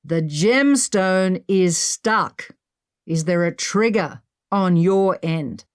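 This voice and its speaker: Audiobook role: steady, forceful man, slow deliberate delivery, read by a woman. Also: mid-range voice, smooth, no room sound, studio quality. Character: steady man calling from above.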